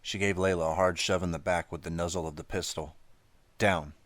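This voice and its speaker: A man narrating a teen thriller audiobook in a steady, measured way. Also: low voice, no room sound. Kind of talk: scripted narration.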